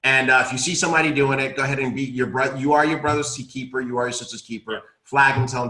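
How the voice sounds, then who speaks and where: A persuasive male presenter talks straight to his audience with eager energy. His tone is bright and forward. The room adds a noticeable echo around him. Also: medium pitch, fairly even intonation, quick pace, hardly any pauses. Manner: enthusiastic, persuasive, addresses audience directly. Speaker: company co-founder presenting a recap. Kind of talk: upbeat business recap talk. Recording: roomy echo.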